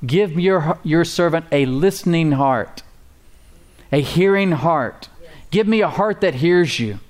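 Slow, expressive, and a little mellow, this man's voice sits on the high side. As a pastor preaching in church to a congregation that responds, he is emphatic yet relaxed, repeating key words, asking for amens, and using fillers and folksy asides.

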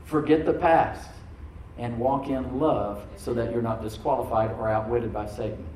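A man preaching a sermon to his congregation, easygoing and conversational, with a warm, mellow tone. He stands some way off the microphone, so his voice comes across roomy and echoey. A faint hum of room ambience sits underneath. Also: mid-range voice, fairly even intonation, moderate pace. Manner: conversational preaching with frequent "Amen?" prompts. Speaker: pastor. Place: church room before a congregation. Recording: echoey room, mic at a distance.

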